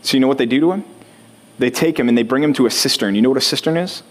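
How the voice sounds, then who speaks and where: A man's voice: medium pitch, very fast. A man preaching a sermon as pastor, talking conversationally, putting questions to the congregation and building to rising intensity.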